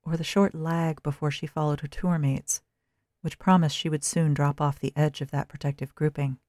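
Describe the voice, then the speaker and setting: A narrator reading a dark story in a steady, measured way. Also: medium pitch, no room sound.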